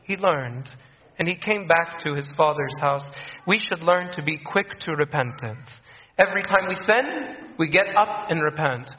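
A man's voice: on the high side, animated, normal speed. A man preaching a sermon, earnest, repeating key phrases and acting out the voices of people in his stories. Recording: echoey room, dull lo-fi sound.

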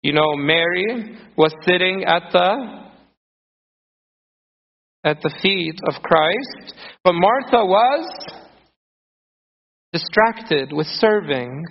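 A man's voice: sits high, expressive, very slow, long pauses. A man preaching a sermon earnestly, acting out scripture quotes with feeling. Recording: muffled sound in a reverberant hall.

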